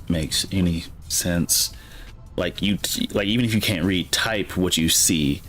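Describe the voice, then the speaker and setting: A man from Michigan with a Midwestern American accent, chatting casually as he streams a farming game and rambling to himself with lots of fillers. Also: low voice. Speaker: gaming streamer. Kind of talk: casual gameplay commentary.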